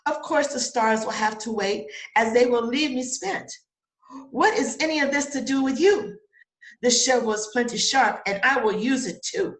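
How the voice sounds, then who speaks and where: A woman's voice: on the high side, moderate pace, lightly acted. A woman playing a man indignant at a snake in his garden, blustering in theatrical rhyming outbursts, in an audio theater play. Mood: irritated. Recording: roomy echo.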